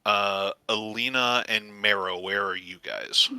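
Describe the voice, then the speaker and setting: A man narrating as game master in a tabletop game, with a halting delivery full of fillers. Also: fairly low pitch, steady tone, pushed and bright, smooth, no room sound, low-quality recording.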